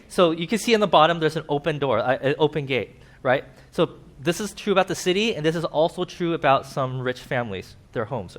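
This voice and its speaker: Male pastor, fairly high voice, preaching a sermon, animated, playing out the quoted characters. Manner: animated, acts out quoted characters with sudden pitch jumps. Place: church.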